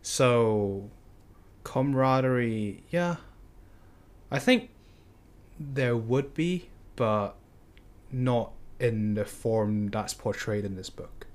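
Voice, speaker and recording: A man's voice: mid-range voice, very slow, pauses often. A man in a casual book discussion, talking hesitantly with many fillers and restarts.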